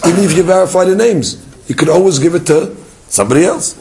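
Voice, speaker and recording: A man's voice: high voice, quick pace, noisy background. A man teaching a Talmud lesson, acting out little dialogues and firing rhetorical questions at his listeners. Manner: lively, acts out dialogue and fires rhetorical questions.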